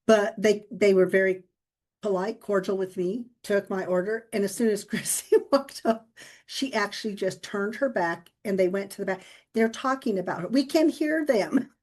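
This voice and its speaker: A woman co-hosting a podcast, telling personal stories in a relaxed, reflective way and laughing often. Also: medium pitch, moderate pace. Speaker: podcast co-host. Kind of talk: casual conversation.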